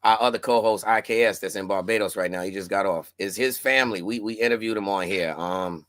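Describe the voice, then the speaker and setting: A man's voice: lowish voice, a little fast, a bit bright, dry recording, clean studio sound. A middle-aged man hosting a podcast in laid-back slangy chat, often repeating words as he goes. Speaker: podcast host. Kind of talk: casual chat.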